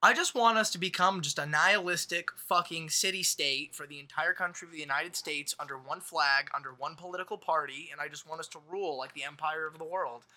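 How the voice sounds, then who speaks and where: A young man co-hosting a podcast, loud and provocative, laughing often in casual chat. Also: fairly high pitch, fairly quick, hardly any pauses. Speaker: podcast co-host.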